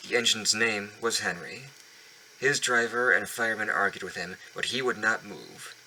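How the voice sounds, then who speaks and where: A man reads a children's story aloud, stumbling now and then and going back over words. His voice sits fairly low but comes across bright and crisp, recorded at home. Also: moderate pace, a little hiss or hum, poor audio. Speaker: reader of a children's book. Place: home basement.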